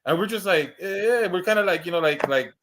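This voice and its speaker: A man's voice: sits high, animated, brisk, fairly bright tone. Rambling stammering man telling a story. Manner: rambling, many restarts and stammered repeats, swears casually; acts out quoted lines in a raised voice. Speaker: podcast co-host. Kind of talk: casual storytelling chat.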